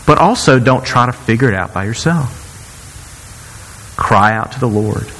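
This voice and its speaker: Animated male pastor preaching in a hall. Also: normal speed, slight background noise. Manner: animated, jumps high to act out quoted cries; sarcastic, joking asides. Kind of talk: sermon.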